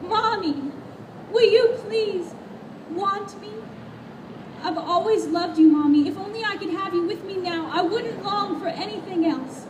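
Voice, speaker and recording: A woman's voice: very high voice, expressive, moderate pace, recorded from a distance, a crowd in the background, background noise, voice pushed up. A woman reading a story aloud, putting on the tender, pleading voice of a loving little girl.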